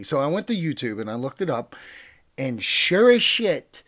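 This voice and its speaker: A young man with a slightly high voice rambling through a casual pop-culture chat. He talks in an excitable, loose way, full of fillers and swearing. He jumps between loud bursts and half-mumbled asides. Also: moderate pace.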